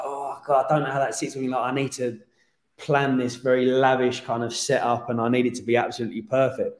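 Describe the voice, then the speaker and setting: A man's voice: mid-range voice, darkish tone. A man, a podcast guest talking animatedly and casually, swearing and restarting his sentences. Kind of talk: casual interview chat. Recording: roomy podcast room.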